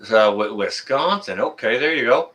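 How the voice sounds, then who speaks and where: A man's voice: medium pitch, animated, normal speed, a bit bright, muffled recording. A man from Canada hosting a casual live stream, greeting viewers by name in a friendly, rambling way with many fillers.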